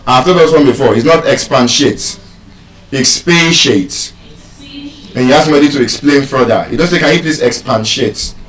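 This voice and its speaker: Nigerian male speaker, lively teacher at a distant mic in a reverberant hall. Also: medium pitch, racing, hardly any pauses. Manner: animated, quizzes the audience with questions. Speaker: public speaker teaching pronunciation. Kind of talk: live speech to an audience. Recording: echoey hall, voice from far off.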